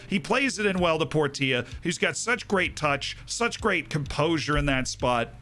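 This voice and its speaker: A young man doing excitable live commentary while streaming a game, jokey and quick to shout and cheer. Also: high voice.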